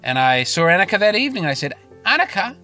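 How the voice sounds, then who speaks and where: A man's voice: a little high, very animated, very fast, sharp tone, faint music behind. An Australian man telling a rambling comic story in a self-mocking, chatty way, recorded in his car. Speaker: comedian and podcast host. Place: parked car.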